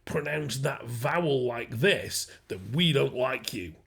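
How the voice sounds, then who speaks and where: A man's voice: medium pitch, expressive, slow, gravelly, fairly bright tone. A man from England hosting a podcast, chatting casually and thinking aloud. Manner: chatty, thoughtful, talks over others. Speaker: podcast host. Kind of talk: casual chat.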